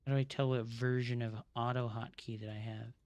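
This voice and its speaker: A man streaming live as a gamer, troubleshooting out loud, swearing a lot and muttering under his breath. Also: mid-range voice, level tone, a little fast, dry recording. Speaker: gaming streamer.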